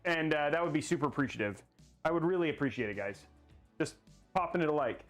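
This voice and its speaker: A man with a fairly high voice chats through a live PC build, rambling and goofing around. He talks straight to his viewers in a loose, unscripted way, with faint music playing behind him. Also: lively intonation, fast, fairly bright tone. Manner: rambling, goofy, laughs at himself. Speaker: livestream host building a PC. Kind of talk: casual livestream chat.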